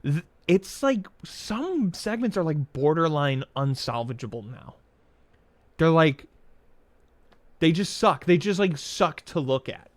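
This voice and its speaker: A man's voice: on the high side, lively intonation, slow pace, no echo. A young man streaming a game, chatting casually in a rambling, profane way full of "like" fillers. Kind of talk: casual chat while setting up a game stream.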